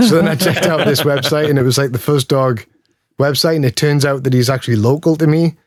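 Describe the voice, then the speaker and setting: A man's voice: medium pitch, fairly quick, dry recording, clean studio sound. A man with a Geordie accent from Newcastle, chatting casually as a guest in an interview, rambling and self-deprecating with frequent laughs. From Newcastle, England. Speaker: guest, pedal builder.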